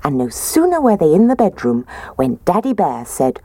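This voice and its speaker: A woman reading a children's storybook aloud in a gentle, expressive way. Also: mid-range voice, normal speed, no room sound.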